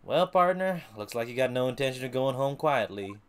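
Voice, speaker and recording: A man's voice: mid-range voice, expressive, brisk, a little hiss or hum, close to an everyday voice. A man voicing a swaggering cowboy detective with a put-on cowboy drawl and folksy bravado.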